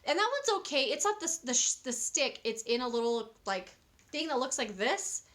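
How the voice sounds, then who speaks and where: A young woman with a high, bright-sounding voice chats through her favorite makeup products. She rambles excitedly and often corrects herself mid-sentence, in a casual review vlog. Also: moderate pace. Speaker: beauty vlogger.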